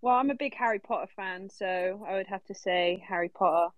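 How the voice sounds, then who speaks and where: A woman guest on a podcast, answering in a soft, slightly shy way. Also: mid-range voice, a little fast, dry recording. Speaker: footballer guest. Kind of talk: casual chat.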